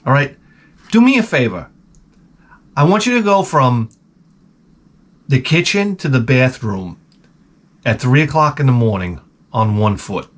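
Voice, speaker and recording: A man in his forties hosts a loose, casual monologue, rambling and crude. He mocks himself freely and swings into loud, animated retellings of his own stories. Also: medium pitch, measured pace, pauses often. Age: 40s. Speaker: host.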